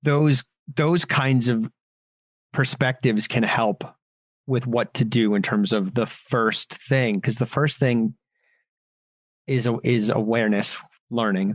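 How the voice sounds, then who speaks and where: A man's voice: mid-range voice, no room sound. A man, a podcast guest, explaining ideas step by step with a few restarts. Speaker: guest expert. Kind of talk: casual explanation.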